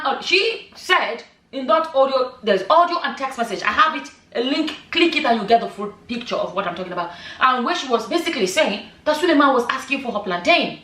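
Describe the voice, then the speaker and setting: A woman's voice: a little high, a bit bright. Mid-aged woman vlogging in an echoey room. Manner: emphatic, rhetorical questions, many "you know" asides. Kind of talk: casual commentary vlog. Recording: echoey room, voice a bit far from the mic.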